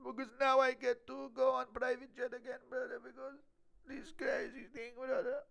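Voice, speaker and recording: A man's voice: very high voice, level tone, gravelly, fairly bright tone, voice pushed up, exaggerated voice, rough recording. A man voicing a boastful, wealthy male fighter who speaks broken English and insists he is happy. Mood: smug mocking. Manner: mock-cheerful, exaggerated, drawn-out.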